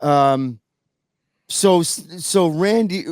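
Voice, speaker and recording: A man's voice: on the high side, measured pace, vocal fry, no room sound, clean studio sound. A man telling a backstage story in casual podcast chat, rambling with many restarts and fillers. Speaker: guest musician.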